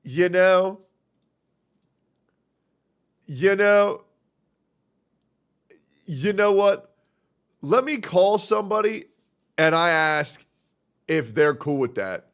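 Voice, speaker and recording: Young male streamer, brash and rambling, a bit high-pitched. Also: lively intonation, drawn-out words, long pauses, clean tone. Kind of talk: casual stream chat.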